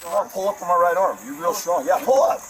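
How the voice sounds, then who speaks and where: A man's voice: high-pitched, big pitch swings, fairly quick, music in the background, low-quality recording. A man in his forties, swearing and pleading with police in erratic outbursts, caught outdoors on a body camera. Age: 40s. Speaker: detained man. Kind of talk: bodycam footage. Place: outdoors at an apartment. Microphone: officer's body camera.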